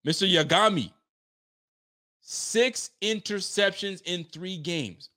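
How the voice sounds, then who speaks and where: Slow and forceful, a young man with a high, bright voice hosts a live sports stream. He rants in frustration, swears freely and occasionally plays out the players' lines.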